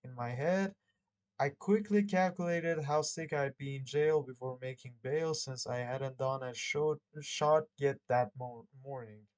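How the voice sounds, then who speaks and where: Sex: man. Role: channel host. Style: casual chat and reading a book aloud. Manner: rambling, self-correcting, quick to laugh. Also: mid-range voice, a little mellow, clear, resonant tone, low-quality recording.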